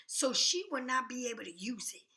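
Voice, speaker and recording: Female vlogger, high bright voice, blunt angry storytelling rant full of swearing. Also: big pitch swings, normal speed.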